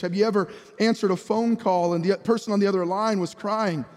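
A man's voice: high voice, steady tone, a little fast, darkish tone. Man preaching in a reverberant hall. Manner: preaching with rising intensity, repeats words, acts out voices of people. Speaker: pastor. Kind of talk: sermon.

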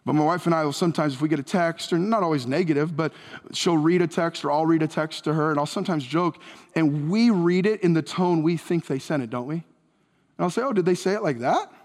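A man's voice: fairly high pitch, brisk, darkish tone. Male pastor preaching in an echoing church hall. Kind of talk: sermon. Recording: long hall reverb.

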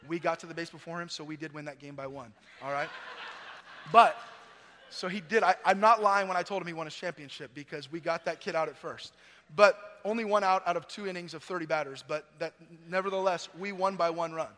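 Preacher man with a high, bright voice. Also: brisk. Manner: preaching with sweeping swings in volume, from near-shouts to hushed lows. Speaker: pastor. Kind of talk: sermon. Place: church sanctuary. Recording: long church-hall reverb.

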